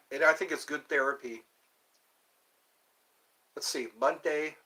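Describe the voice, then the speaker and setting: Male host, loose rambling talker, bright forward tone, wanders off topic often. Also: on the high side, fairly even intonation, slow. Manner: rambling, chatty, thinks aloud and digresses. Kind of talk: casual livestream chat.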